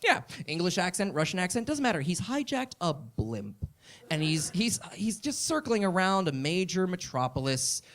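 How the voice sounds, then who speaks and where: A man performing a comedy monologue with lots of energy. His voice sits slightly high and swings widely in pitch. He often builds his lines up to shouts. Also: normal speed. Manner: animated, excitable, building to shouts.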